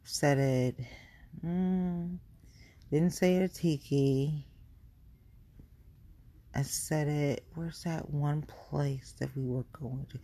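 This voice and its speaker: Blunt, profane podcast woman, husky. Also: very deep voice, dark tone. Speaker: podcast host. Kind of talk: casual ranting monologue.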